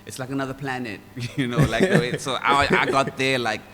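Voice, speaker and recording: A young man from Durban with a South African accent. He tells relaxed, rambling stories in an interview, slipping into Zulu phrases and mimicking other people's voices. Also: mid-range voice, a little fast, crowd noise. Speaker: guest musician. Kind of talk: casual interview storytelling. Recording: hall reverb with faint ambient noise.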